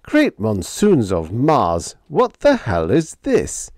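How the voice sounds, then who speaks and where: A man voicing an excitable male radio operator on a spaceship, howling his complaints in a storybook reading. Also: medium pitch, a little slow, no room sound, clean studio sound, pitched above the performer's own voice. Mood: outraged.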